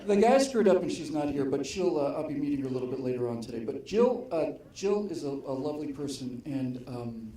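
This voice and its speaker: A man's voice: medium pitch, brisk, few pauses, warm tone. A man giving an earnest, emphatic public speech to a political gathering, in a conversational storytelling manner. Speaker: guest speaker. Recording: very echoey hall, voice from far off.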